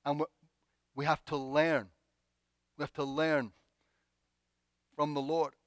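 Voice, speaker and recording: A man preaching a sermon, acting out pleading prayers with expressive, dramatic delivery. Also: fairly high pitch, takes it slowly, clear, resonant tone, no room sound.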